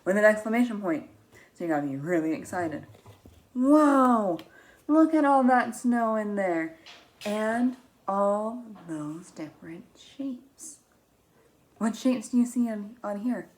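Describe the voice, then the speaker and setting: Slow, animated woman reading to kids. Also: mid-range voice. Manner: animated and expressive, with frequent gasps and drawn-out words; asks the children questions and pauses for them. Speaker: teacher reading a picture book. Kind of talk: read-aloud lesson for young children.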